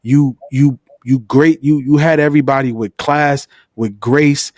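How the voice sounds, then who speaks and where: A man's voice: medium pitch, fairly even intonation, measured pace, darkish tone, no room sound. A man interviewing an author, talking in an enthusiastic, slangy, conversational way. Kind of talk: casual interview chat.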